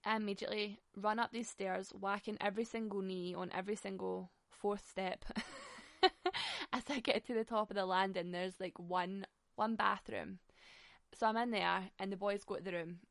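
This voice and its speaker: A woman's voice: medium pitch, steady tone, normal speed, creaky, dry recording, studio quality. A young woman telling a funny story in a chatty way, swearing freely and laughing often. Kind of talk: casual storytelling monologue.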